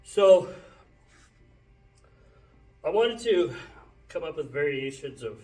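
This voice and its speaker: A man trains and talks in a gym, short of breath and rough-spoken. His voice sits slightly high for a man. The mic is well across a reverberant room, so he sounds distant. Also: big pitch swings, slow, darkish tone, faint music behind. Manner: breathless, coughing between sets, loose and profane. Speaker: fitness trainer. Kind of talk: casual gym workout talk.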